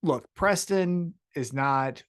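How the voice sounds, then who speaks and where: A man co-hosting a podcast in casual chat, animated but pausing on fillers. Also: on the high side. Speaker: podcast co-host.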